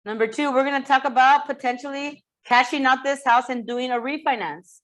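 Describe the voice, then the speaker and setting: A woman coaching real estate agents in a lively training talk, often repeating herself and checking that the room follows. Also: sits high, brisk. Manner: energetic, repeats words, asks the room for checks.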